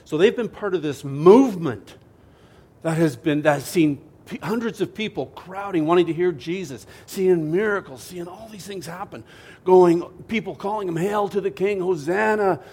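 A man preaching a sermon as a lively storyteller, swinging from loud to hushed and often asking his listeners "right?". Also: high-pitched, moderate pace, breathy edge. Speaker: pastor.

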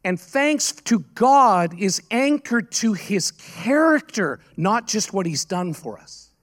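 A man preaching a sermon as pastor, telling stories in a conversational, earnest way with halting restarts. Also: high voice, sing-song.

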